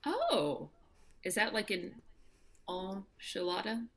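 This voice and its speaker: A young woman co-hosting a podcast in casual chat, tossing in quick quips and gushing reactions. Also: mid-range voice, sing-song, a bit bright. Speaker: podcast co-host.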